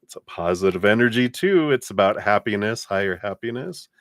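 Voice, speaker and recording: A man giving tarot readings on a live stream, relaxed and chatty, with many fillers and warm blessings to viewers. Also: fairly low pitch, brisk, no room sound. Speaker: tarot reader.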